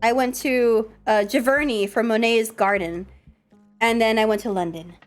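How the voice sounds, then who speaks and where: A woman streamer with a cold, chatting casually and excitably with her chat, swearing and scolding them playfully. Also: fairly high pitch, normal speed, faint music behind. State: has a cold, coughing.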